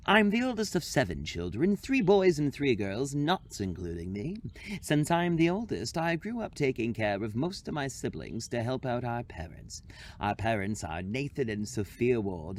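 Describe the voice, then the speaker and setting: A man acting as a cheerful dead police veteran who introduces himself in a first-person historical monologue, chatty and upbeat. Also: medium pitch. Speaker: volunteer actor.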